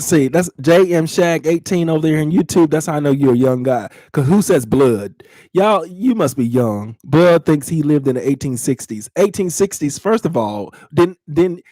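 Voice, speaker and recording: A man's voice: on the high side, a little mellow, no room sound, studio quality. A man in his thirties hosting a casual podcast, talking bluntly to his live chat, teasing and laughing often. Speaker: podcast host.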